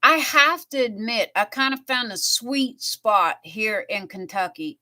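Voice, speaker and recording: A woman's voice: a little high, pushed and bright. A woman livestreaming from home, chatting casually and rambling through stories while she crafts. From southern United States. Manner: chatty, meandering, drawn-out storytelling. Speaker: live streamer.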